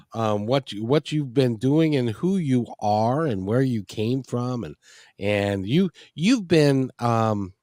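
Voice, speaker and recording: Male talk radio host, folksy and rambling, animated swoops in pitch, dry close mic. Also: dry recording. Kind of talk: casual interview chat.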